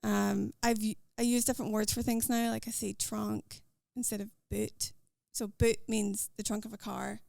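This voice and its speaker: A woman with a Scottish accent, a podcast guest talking earnestly and quickly about her faith and daily life. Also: medium pitch, little pitch movement, vocal fry, a little mellow, no room sound. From Scotland. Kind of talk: casual interview chat.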